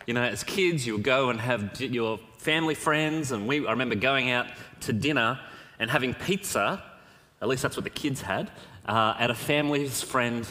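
A man preaching a sermon in a conversational storytelling manner, with a personal anecdote and a prayer. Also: medium pitch. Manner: conversational storytelling, animated when excited. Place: church. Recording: church hall reverb.

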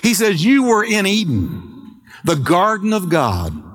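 A middle-aged man pastor preaching an emphatic sermon, slowing and stretching key words for weight. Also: high voice, wildly swooping pitch, fairly bright tone, big-room sound. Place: church sanctuary.

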